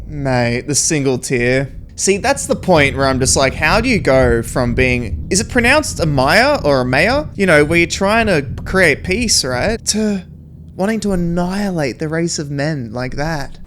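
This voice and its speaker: A young man chatting casually through a film reaction, laughing often and reacting with animated exclamations. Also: on the high side, a little slow, slight background noise. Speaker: reaction video host. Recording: film audio playing loudly behind. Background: film soundtrack.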